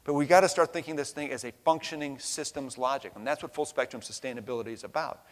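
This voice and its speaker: This is a middle-aged American man at a quick pace and medium pitch, giving a passionate keynote to a large conference hall. He talks bluntly and emphatically, cursing casually and ending points with "right?", while the room's long reverb trails behind.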